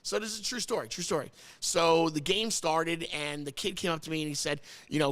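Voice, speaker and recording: A man's voice: a little high, brisk, few pauses, a bit bright. A man from New Jersey hosting a casual chat, telling a long story in a rambling way, often repeating words and getting choked up. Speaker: host.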